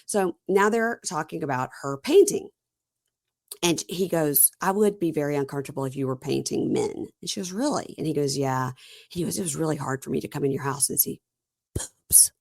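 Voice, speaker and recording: A woman's voice: deep voice, a little fast, creaky, dry recording, studio quality. A woman hosting a podcast, recapping a reality show in casual chat and quoting each scene back and forth. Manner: retells scenes by quoting both sides in her own voice, chatty and animated. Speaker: podcast host.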